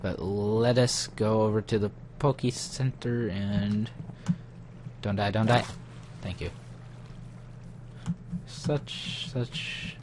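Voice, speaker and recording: A man's voice: on the low side, a little mellow, a little hiss or hum. A young man muttering to himself as he comments casually on his game, getting easily frustrated. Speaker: gaming channel host.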